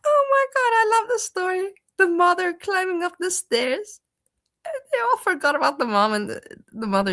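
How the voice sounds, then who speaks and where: A woman's voice: very high-pitched, sing-song, moderate pace, fairly bright tone. A woman hosting a casual stream, reacting with enthusiastic comments and exclamations. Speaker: stream host.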